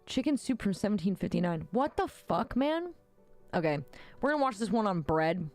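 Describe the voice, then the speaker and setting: A woman hosting a casual livestream, talking bluntly with lots of swearing and quick reactions. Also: medium pitch, big pitch swings, a little mellow, faint music behind. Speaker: livestream host.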